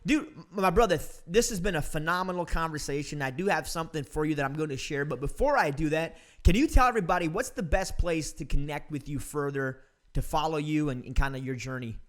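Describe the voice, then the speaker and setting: Brief: male podcast host in his 30s, pitched a touch high, pumped-up casual delivery. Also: fast. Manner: upbeat, emphatic, calls listener "dude" and "man". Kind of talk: casual motivational interview talk.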